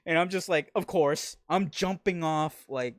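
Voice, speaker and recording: A man interviewing a guest in casual chat, excitable and laughing often, swearing freely. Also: a little high, unhurried, no room sound, studio quality. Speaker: interviewer and streamer.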